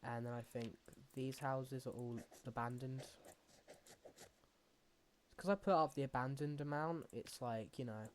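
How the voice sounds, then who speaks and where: A man's voice: medium pitch, steady tone, measured pace, slight background noise. A man hosting a gaming channel, talking to himself as he plays in loose, rambling commentary full of fillers and restarts. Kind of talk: casual gameplay commentary.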